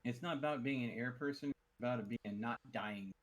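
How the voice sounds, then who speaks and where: A man's voice: mid-range voice, brisk, poor audio. A man hosting a multiplayer game session, instructing his teammates on what to build. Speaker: host organizing the team.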